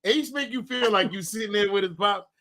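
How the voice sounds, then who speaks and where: A man co-hosting a casual podcast, excitedly telling family stories and acting out his mother's lines. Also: high voice, a little fast. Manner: excitable storyteller, acts out his mom's lines. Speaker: podcast co-host. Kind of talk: casual chat.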